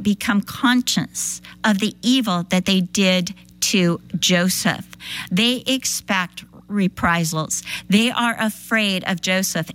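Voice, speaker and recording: A woman preaching a sermon in an animated way, acting out the voices of the people she quotes. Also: medium pitch.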